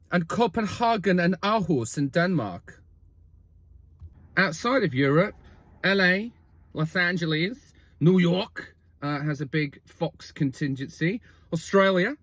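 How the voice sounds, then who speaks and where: Sweary high-voiced man. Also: husky, dry recording. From London, England. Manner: sweary, animated, jokey asides. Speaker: video host. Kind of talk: comic fact-list monologue.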